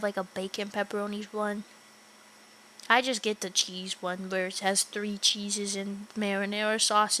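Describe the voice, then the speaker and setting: A woman's voice: mid-range voice, pushed and bright, a little hiss or hum, poor audio. A young woman livestreaming a game, chatting casually with her viewers, giggling often and swearing offhandedly. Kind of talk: casual gaming livestream chat.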